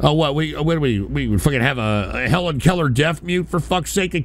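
A man hosting a profane call-in stream, ranting furiously and sometimes shouting. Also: a little high, lively intonation, normal speed, few pauses. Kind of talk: profane live call-in show.

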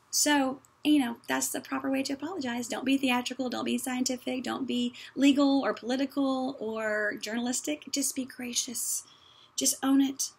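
A woman's voice: medium pitch, creaky, slightly rough. A woman giving a practical church-style talk in a conversational, folksy way, with many fillers. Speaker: speaker teaching on apologies.

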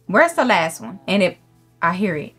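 A woman streamer giving loud, profane, excitable commentary while playing a game, shrieking when something startles her. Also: on the low side, normal speed, breathy edge, soft background music. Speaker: gaming streamer. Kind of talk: let's play commentary.

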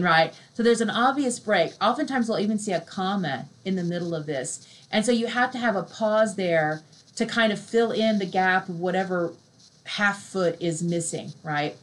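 A woman giving a conversational university literature lecture, who keeps checking in with "right?" and reads poems aloud slowly and softly. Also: mid-range voice, poor audio.

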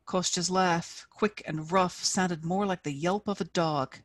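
A woman author reading her own fiction aloud at a live event, with measured, expressive narration. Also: fairly low pitch, no echo. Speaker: featured author.

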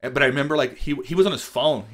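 Man, young adult, very fast, mid pitch, rambling, swears a lot, casual podcast chat. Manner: rambling, animated, swears freely, packed with "like" and "dude". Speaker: podcast host.

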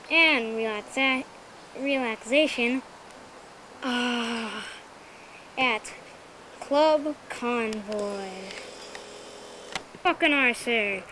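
A woman narrating a homemade toy film as a playful mock announcer, rambling and halting in a goofy way. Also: sits high, pushed and bright. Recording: noisy homemade camera audio.

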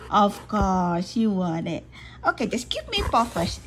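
A woman's voice: medium pitch, sing-song, measured pace, fairly bright tone, soft background music. A woman chatting playfully with her dog, coaxing it and laughing often. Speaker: dog owner. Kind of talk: casual chat with her dog.

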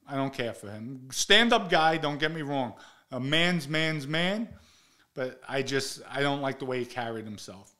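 A blunt older man tells street stories in a casual monologue. He swears freely and talks in a middle-pitched voice, getting loud and sharp whenever he acts out what someone said. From the Bronx, New York. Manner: blunt, profane, acts out quotes in a raised voice. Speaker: show host telling stories.

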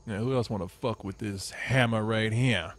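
A man's voice: fairly low pitch, steady tone, moderate pace. A man co-hosting a casual gaming chat, laughing often and trash-talking with profane, boisterous energy. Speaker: co-host playing a video game.

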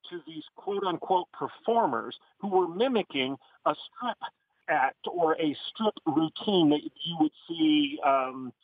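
Over a tinny phone line, a guest commentator from Oklahoma calls into a radio talk show, speaking passionately and emphatically. His voice is a little high and husky, with no echo.

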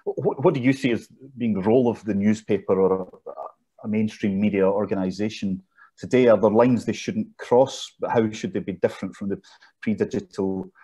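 A man's voice: on the low side, mellow, husky. A man interviewing a guest over a video call, asking long, reflective questions. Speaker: interviewer, think-tank director.

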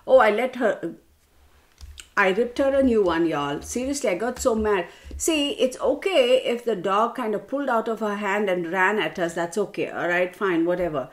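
A woman's voice: mid-range voice, moderate pace. A woman tarot reader telling a rambling story straight to her viewers, calling them y'all.

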